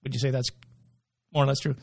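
A man's voice: mid-range voice, little pitch movement, fast, gravelly, dry recording, clean studio sound. A middle-aged man hosting a casual podcast interview, joking and rambling with frequent restarts. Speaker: podcast host.

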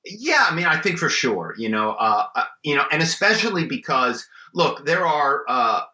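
Bright-voiced middle-aged man telling stories. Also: on the high side, moderate pace, reverberant, rough recording. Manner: animated anecdotes with frequent restarts and imitated voices. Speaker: guest, former corporate spy and author. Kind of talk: conversational storytelling interview.

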